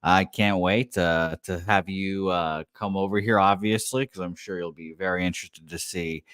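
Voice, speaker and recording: Low-voiced guy rambling casually on a podcast, lots of ums, dry close mic. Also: steady tone, normal speed, a bit bright, clear, resonant tone, no echo. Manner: rambling, self-deprecating, many fillers. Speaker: co-host. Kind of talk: casual chat and race calling. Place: his new apartment.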